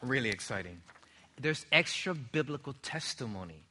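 A man's voice: medium pitch, animated, normal speed, bright, forceful tone. A middle-aged man preaching a sermon, emphatic, throwing rhetorical questions to his congregation.

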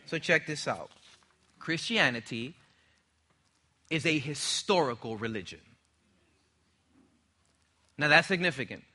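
A middle-aged male preacher with a very bright, forceful tone and a slightly high voice. He presses his points hard and keeps throwing questions back to the congregation, building each point with emphatic repetition. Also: animated, unhurried, long pauses. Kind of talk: sermon.

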